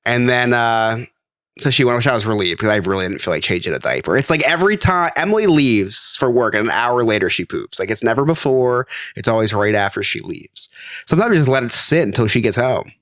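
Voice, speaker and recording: A man's voice: medium pitch, a little fast, no room sound, studio quality. A congested young man co-hosting a podcast, telling a funny story and laughing as he goes. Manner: animated storyteller, laughs through his own story. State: a little congested. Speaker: podcast co-host. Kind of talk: casual storytelling chat.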